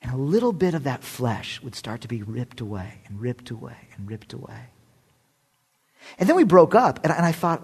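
A male pastor preaching a storytelling sermon in an animated, conversational way, with self-deprecating humor. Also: medium pitch, normal speed, gravelly, breathy edge.

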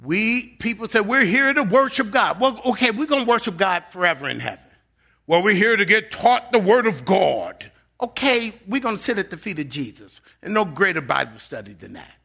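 A man's voice: sits high, very animated, fairly quick, vocal fry. A man preaching a sermon as a guest pastor, earnest and emphatic, often repeating words as he builds a point. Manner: earnest and emphatic, dropping to a soft voice for quotes.

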